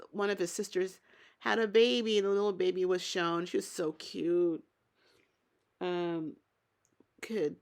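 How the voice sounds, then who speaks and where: A woman giving a casual, opinionated spoken recap of a reality TV episode, thinking aloud as she goes. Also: fairly low pitch. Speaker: TV show recap reviewer.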